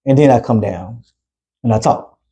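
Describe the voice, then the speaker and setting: A man's voice: mid-range voice, normal speed, warm tone, slightly rough. A man co-hosting a podcast in casual chat, a father who keeps checking in with "you know what I'm saying". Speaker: podcast co-host; father of a preteen son.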